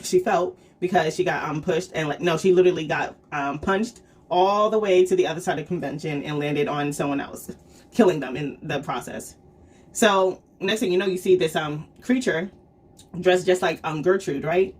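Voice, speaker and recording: A chatty woman talks through a comic review in a husky, slightly low voice. She rambles with plenty of fillers and little check-ins, laughing often as she acts out the characters' lines. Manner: chatty storytelling full of "um", "like" and "right?". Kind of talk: casual review vlog.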